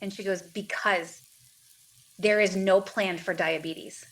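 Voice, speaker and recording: A woman in her thirties tells her own story as a podcast guest. She speaks plainly and earnestly, voicing the people she talked to along the way. Her voice sits in a middle pitch. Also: fairly even intonation, takes it slowly, low-quality recording. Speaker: guest, mother of two. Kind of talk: personal story in a podcast interview.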